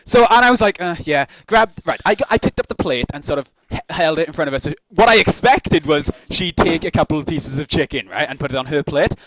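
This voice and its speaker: Talking fast with few pauses, a young co-host with a fairly high voice swears and laughs through an animated story in casual chat. The audio is poor but has no echo.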